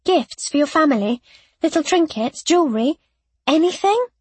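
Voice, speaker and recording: A woman's voice: high voice, lively intonation, normal speed, no echo, voice pushed up. A woman voicing a desperate young mother, pleading and close to tears. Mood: coaxing.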